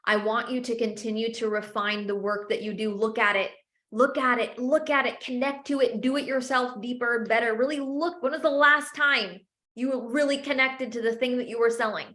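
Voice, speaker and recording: A woman's voice: on the high side, steady tone, normal speed, fairly bright tone, echoey room. A woman sales coach teaching a live masterclass, speaking with passion and emphatic repetition.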